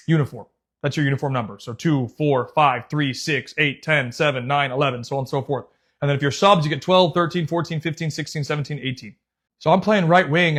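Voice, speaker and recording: A young man tells a story in a loose, slangy way, swearing freely and calling the listener bro. His voice sits a little high for a man. He talks like a coach venting to a friend. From United States. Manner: animated, swears a lot, says "bro" and "dude". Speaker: youth soccer coach and channel host. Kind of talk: casual storytelling.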